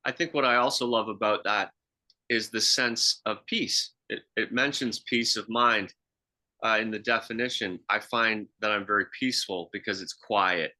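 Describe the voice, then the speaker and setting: A man's voice: lowish voice, steady tone, normal speed, pushed and bright. A man co-hosting a podcast, telling reflective stories in casual chat with frequent restarts. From half Swiss. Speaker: podcast co-host.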